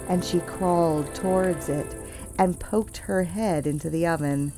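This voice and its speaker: A woman narrating a fairy tale in a measured, expressive storytelling voice. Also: lowish voice, music in the background.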